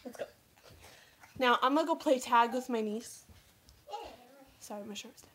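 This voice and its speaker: A woman's voice: a little high, normal speed, a bit bright. A young woman, chatting playfully and breathlessly in her bedroom, giggling and teasing. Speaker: vlogger. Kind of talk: casual chat.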